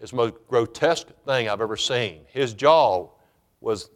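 A pastor preaching a sermon, reading scripture and swinging between loud emphatic lines and hushed ones. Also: male voice, mid-range voice, unhurried.

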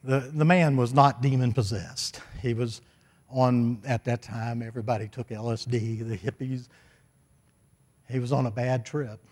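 A man's voice: mid-range voice, steady tone, a little slow, a little mellow. An older man preaching, telling a personal story in a folksy, chatty way with asides, into a microphone. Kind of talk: sermon storytelling. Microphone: stage microphone.

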